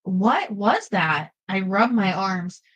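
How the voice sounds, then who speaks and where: A woman giving a lively first-person audiobook narration. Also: mid-range voice, slow, breathy edge, muffled recording.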